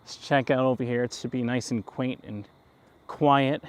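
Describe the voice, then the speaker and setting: A man's voice: mid-range voice, steady tone, normal speed, smooth. A man with a slight New York accent, hosting a casual walk-and-talk livestream outdoors at night, rambling and chuckling as he goes. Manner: rambling, chatty, chuckling asides. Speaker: livestream host. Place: outdoors on town streets at night.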